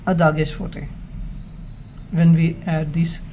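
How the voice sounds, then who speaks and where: A man teaching Hebrew grammar in a slow, measured way, explaining step by step with pauses. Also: a little high, little pitch movement, mellow, slight background noise. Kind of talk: slow, methodical grammar lesson.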